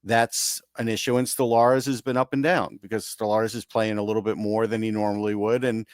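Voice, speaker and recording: Deep-voiced man in opinionated sports chat. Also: little pitch movement, a little fast, no echo, studio quality. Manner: opinionated, teasing, laughs easily. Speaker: podcast co-host.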